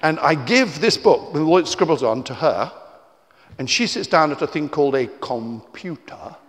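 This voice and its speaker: A man, a children's author, telling stories to a young audience in a theatrical, teasing way, shifting between shouts and hushed asides, recorded on a tie-clip mic at an indoor festival venue. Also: on the high side, expressive, moderate pace, a little hiss or hum. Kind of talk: live storytelling talk to children. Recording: reverberant hall.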